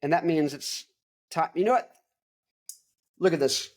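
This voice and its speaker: A young adult man hosting a rock show chats casually about an album, reviewing it in a rambling, jokey style full of digressions. His voice is on the high side and unhurried.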